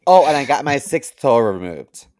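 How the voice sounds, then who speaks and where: A man co-hosting a comedy podcast, telling crude jokes in a deadpan way with many fillers. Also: medium pitch, normal speed, dry recording, soft background music. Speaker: podcast co-host. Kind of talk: crude casual podcast banter.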